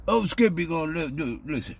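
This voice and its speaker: A man talking casually to the camera in a preachy, animated way, stumbling over repeated words and dropping in "man" and "baby". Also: a little high, a little fast, vocal fry, slight background noise. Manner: street-style grammar, says "man" and "baby". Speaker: vlogger. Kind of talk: casual spoken monologue.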